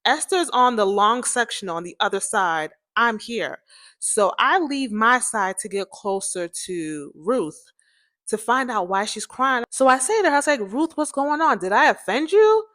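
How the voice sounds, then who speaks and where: A woman's voice: expressive, measured pace, pushed and bright. A woman hosting a podcast, telling a personal story in a chatty, candid way, talking straight to her listeners and acting out what people said. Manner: chatty, addresses listeners directly, acts out quoted dialogue; candid, self-described pitchy, cracky voice.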